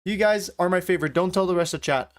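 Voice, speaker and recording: A young man livestreaming, chatting casually with his viewers, swearing freely and thinking out loud. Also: sits high, quick pace.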